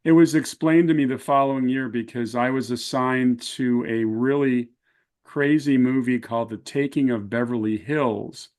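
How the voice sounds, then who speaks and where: A man hosting an interview, chatting and reminiscing about films in a relaxed conversational way. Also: medium pitch, moderate pace. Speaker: interview host.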